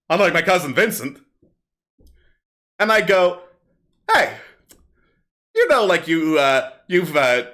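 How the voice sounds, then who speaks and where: A man's voice: on the high side, sharp tone, heavily acted. A man doing a sleazy kobold comic. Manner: crude punchline delivery, rambling setups. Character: sleazy male kobold stand-up comic, crude. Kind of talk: comedic tabletop role-play.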